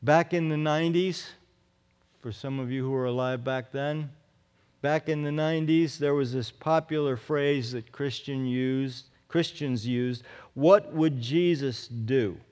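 A man's voice: medium pitch, fairly even intonation, measured pace, a little mellow, clear, resonant tone. A male pastor preaching a sermon in an earnest, emphatic way, often repeating his phrases. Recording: long reverb of a large hall.

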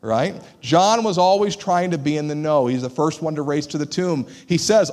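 A man preaching a sermon as pastor, in an animated, conversational way. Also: on the high side, moderate pace, hardly any pauses. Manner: animated, conversational, acts out quoted voices.

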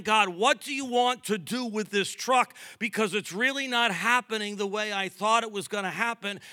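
A man preaching a sermon as a pastor, telling stories with acted-out dialogue in a lively, humorous way. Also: sits high, no room sound, studio quality. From New York.

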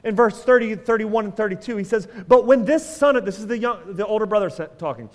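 High-voiced man preaching in a reverberant hall. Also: lively intonation, fast, hardly any pauses. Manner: conversational preaching, asks the congregation questions, wry humor. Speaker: pastor. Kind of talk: sermon. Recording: long reverb of a large hall.

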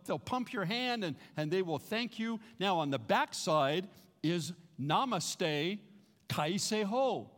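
A man preaching in a large hall, his slightly high voice carrying with a long echo. He tells stories with lively animation and has the congregation repeat phrases back to him. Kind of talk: sermon. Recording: reverberant hall.

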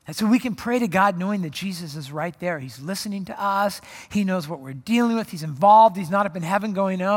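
Conversational male pastor in a reverberant hall. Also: sits high. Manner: conversational, acts out quoted voices. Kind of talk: sermon.

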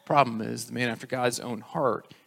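A man preaching a sermon, retelling scripture as a lively story and acting out the quoted voices. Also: mid-range voice, normal speed, vocal fry. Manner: storytelling, acts out quoted voices with rising energy. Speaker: pastor.

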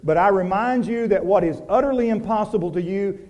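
A man preaching a sermon, moving from loud emphatic lines to soft, hushed ones, with rhetorical questions and repetition. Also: high-pitched, fairly quick, lo-fi sound. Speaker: pastor.

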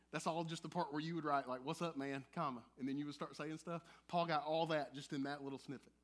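A man preaching to his congregation in a notably high voice. He swings from quiet, earnest stretches to lively, teasing banter with the pews. His delivery is conversational and animated, as if talking with the people in front of him. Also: moderate pace. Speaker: pastor. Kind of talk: sermon. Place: church sanctuary.

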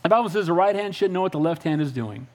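A middle-aged man pastor preaching a sermon, animated and calling out for amens from the congregation. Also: high voice, fast. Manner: animated preaching with frequent call-outs for amen.

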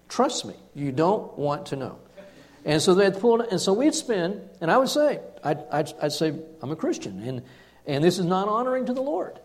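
A male pastor preaching a sermon, telling a personal story with animated delivery and hushed drops for emphasis. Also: high-pitched, normal speed.

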